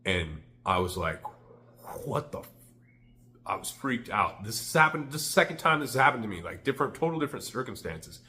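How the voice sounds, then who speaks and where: A man's voice: lowish voice, sing-song, fast, few pauses, sharp tone, slight background noise. A man telling a candid, rambling personal story to the camera, full of "like" fillers. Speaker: vlogger.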